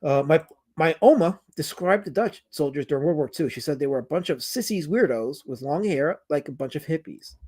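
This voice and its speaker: A man's voice: on the high side, lively intonation, fairly quick, hardly any pauses, a little mellow, slightly rough. A man hosting a casual livestream, reading out chat comments and rambling with many restarts and fillers.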